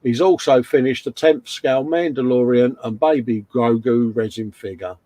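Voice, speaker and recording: A man's voice: mid-range voice, normal speed, dark tone, no room sound. A middle-aged man hosting a casual live stream, chatting, reading viewer comments aloud and slipping in puns.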